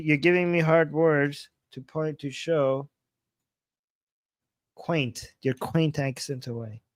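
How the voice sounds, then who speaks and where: A man's voice: mid-range voice, darkish tone, dry recording. A man hosting a casual livestream in his non-native English, reading viewer comments and often restarting his sentences earnestly. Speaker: livestream host.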